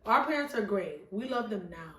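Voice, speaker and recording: A woman co-hosting a casual chat, with expressive, teasing reactions. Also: medium pitch, moderate pace, far from the mic. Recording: roomy echo, a bit off mic.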